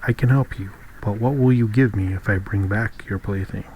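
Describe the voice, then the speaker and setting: An earnest talking frog from a storybook, coaxing and persistent, as a man reads him aloud. His voice sits low and plain, with a faint hiss behind it. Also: normal speed, a little mellow, natural voice, rough recording.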